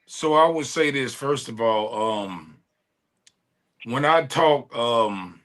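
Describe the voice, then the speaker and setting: A man from Chicago with a raspy voice and a Chicago accent, arguing bluntly as a panelist on a video call and often tagging his points with "okay?". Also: medium pitch, expressive, takes it slowly, fairly bright tone. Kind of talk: heated panel debate.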